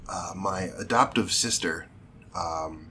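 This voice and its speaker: A man's voice: deep voice, pushed and bright, slightly rough, heavily acted. A man voicing a worried young nobleman who halts and stammers as he pleads for help. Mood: pleading. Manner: halting, stammering pleas.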